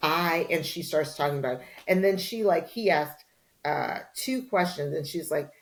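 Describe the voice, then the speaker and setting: A woman's voice: sits low, normal speed. A woman journalist, a podcast guest, telling a story casually and acting out the dialogue she quotes. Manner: lively storyteller who acts out quoted dialogue.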